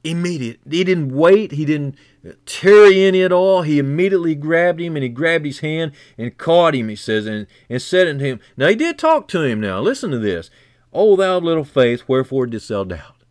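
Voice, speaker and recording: A man preaching a sermon who builds from quiet, low passages to loud, fervent climaxes and repeats key phrases for emphasis. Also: lively intonation, normal speed, hardly any pauses, no room sound, clean studio sound.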